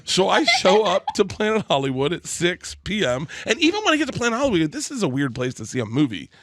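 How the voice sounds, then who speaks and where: A middle-aged man telling a comic story as a guest, excitable and animated, often laughing mid-story. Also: sits high, fast. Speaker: comedian guest.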